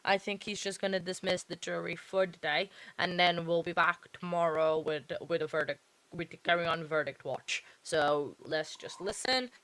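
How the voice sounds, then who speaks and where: A woman's voice: on the low side, steady tone, normal speed, a bit bright, no echo. A woman hosting a late-night true-crime trial-watch livestream, tired and yawning, chatting casually in a rambling way with many fillers and self-corrections. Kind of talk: casual live commentary.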